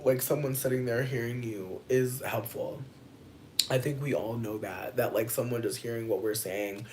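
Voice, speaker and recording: A vlogger in a loose stream-of-consciousness chat, telling stories in a profane, slangy way that keeps leaping up into high exclamations. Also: slight background noise.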